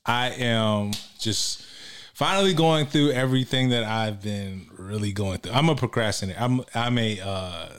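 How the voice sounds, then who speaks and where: A man's voice: on the low side, normal speed, smooth. A man hosting a casual podcast, rambling with fillers and laughter. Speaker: podcast host. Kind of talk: casual chat.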